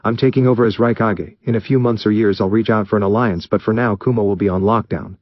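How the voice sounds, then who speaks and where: A man's voice: lowish voice, steady tone, quick pace, no echo, dull audio, close to an everyday voice. A man voicing a laid-back male ninja leader who talks in a blunt, weary, matter-of-fact way.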